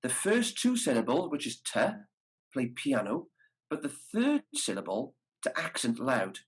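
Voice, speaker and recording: Husky man teaching brass technique. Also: mid-range voice, huge pitch swings, a little slow, low-quality recording. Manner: demonstrates articulation syllables aloud. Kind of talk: masterclass instruction. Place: video call. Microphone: video call.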